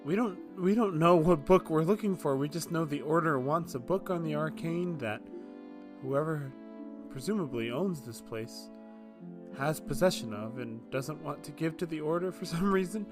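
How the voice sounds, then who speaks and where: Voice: medium pitch, normal speed. Tabletop player, laid-back, joking banter, faint music underneath.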